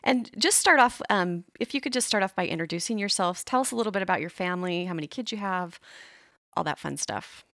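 Casting note: middle-aged woman host, warmly gushing, lowish voice, dry close sound. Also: animated, fast, no echo. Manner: enthusiastic, gushing praise. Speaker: podcast host. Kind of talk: conversational interview.

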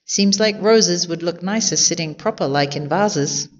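A woman's voice: lowish voice, measured pace, lo-fi sound, a little hiss or hum, close to an everyday voice. A woman voicing a cheerful, literal-minded housekeeper with folksy, plain-spoken talk in a storybook. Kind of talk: storybook character voice.

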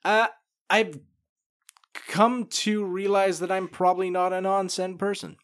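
A man's voice: sits high, little pitch movement, unhurried. A man co-hosting a podcast, telling a travel story in a laid-back, rambling casual chat full of fillers. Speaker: podcast co-host.

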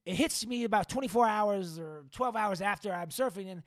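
A man's voice: sits high, a little fast, dry recording, clean studio sound. A young man hosting a podcast, talking in a rambling, profane, slangy monologue with his ears clogged. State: ears clogged, unsure of own loudness. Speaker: podcast and radio host. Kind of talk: casual monologue.

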